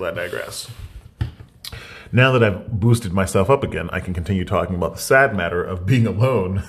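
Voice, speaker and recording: A man in a casual ranting monologue, blunt and animated, repeating himself as he goes. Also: medium pitch. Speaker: vlogger.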